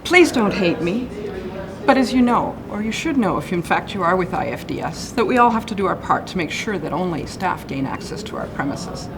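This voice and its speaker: A woman's voice: on the low side, lively intonation, a little fast, crowd noise. A woman acting a comically over-apologetic, polite Canadian woman in a comedy sketch. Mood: fretting. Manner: gushing, endlessly apologetic.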